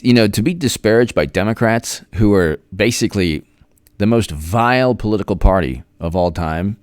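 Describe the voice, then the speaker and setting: A man with a low voice hosts a casual live stream and rambles from one thought to the next. Now and then he stretches out viewers' names in a sing-song voice. The sound is dry and close, with no room in it. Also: dry recording. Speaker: political commentary host. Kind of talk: casual livestream chat.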